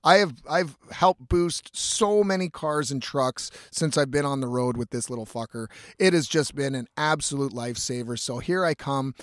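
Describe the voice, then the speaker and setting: A man's voice: medium pitch, fairly bright tone, no echo, clean studio sound. A man, hosting his own show and telling a long rambling story with heavy swearing and lots of fillers. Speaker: host. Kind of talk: casual storytelling monologue.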